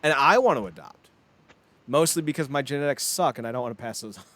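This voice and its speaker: A man co-hosting a wrestling podcast chats casually in a mid-range, fairly bright voice with lively intonation and a quick pace. He rambles, laughs often, and acts out quotes in little voices.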